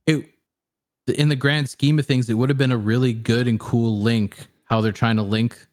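A man's voice: mid-range voice, steady tone, moderate pace, a little mellow. A young man in casual chat, reviewing a film in a rambling way with lots of fillers and swearing. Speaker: podcast co-host reviewing a film.

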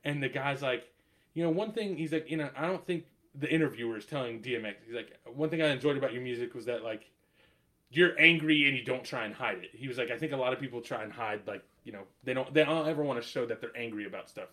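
A man hosting a podcast in casual chat, animated, laughing often and swearing, with lots of filler words. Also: mid-range voice, quick pace. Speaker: podcast host.

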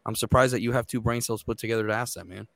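A man's voice: mid-range voice, racing, creaky, a little hiss or hum. A man in his thirties, a court interpreter, telling stories in casual, profane podcast chat. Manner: profane, animated storytelling.

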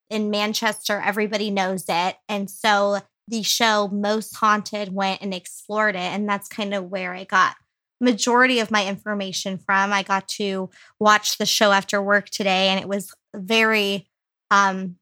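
A woman's voice: medium pitch, level tone, measured pace, bright, forceful tone. A woman co-hosting a podcast, telling a story in casual chat with a giggly, filler-filled manner. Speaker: podcast co-host.

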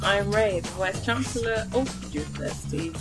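A woman co-hosting a comedy podcast, joking in a playful deadpan way and laughing often. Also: medium pitch, brisk, music in the background, poor audio. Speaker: podcast co-host. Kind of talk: casual comedic chat.

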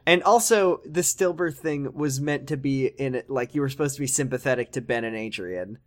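A man co-hosting a podcast in casual chat, chiming in with jokes and reading listener questions. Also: mid-range voice. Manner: quick jokey interjections. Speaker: podcast co-host.

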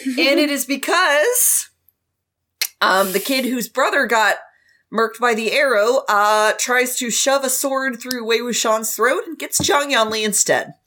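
A woman's voice: fairly high pitch, measured pace, sharp tone. A woman co-hosting a podcast, narrating story events step by step in casual chat. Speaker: podcast co-host.

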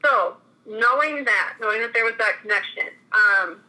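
A woman's voice: a little high, moderate pace, bright, forceful tone, poor audio. A woman in her thirties from Minnesota, telling her own story in a chatty way with many restarts. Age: 30s. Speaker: guest. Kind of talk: casual interview conversation.

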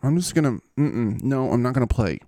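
A man's voice: medium pitch, expressive, a little fast, warm tone, no echo, clean studio sound, close to an everyday voice. A man doing a whiny, sulking benched quarterback. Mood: sulky. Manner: whining, sulky, self-pitying. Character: whiny benched adult male quarterback, petulant.

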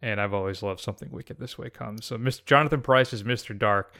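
A man co-hosting a podcast, talking about favorite film characters in a relaxed, opinionated, dry way. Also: on the low side, fairly quick. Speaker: podcast co-host. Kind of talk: casual film chat.

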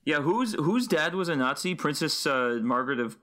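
A man's voice: on the high side, animated, normal speed, a bit bright. A man co-hosting a podcast, rambling curiously and swearing casually in loose chat.

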